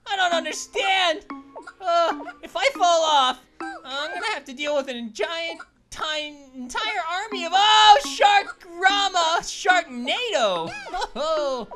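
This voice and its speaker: A performer voicing an upbeat, goofy male cartoon grape who hosts a let's play with excitable, punning commentary and yelps. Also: high voice, full character voice. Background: background game music.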